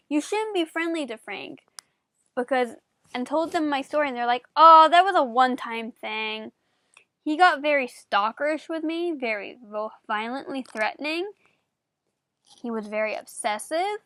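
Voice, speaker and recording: Vlogger woman, high bright voice, animated chatty storytelling, dry close sound. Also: no room sound. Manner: animated, chatty, many "like" fillers. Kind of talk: casual storytelling to camera.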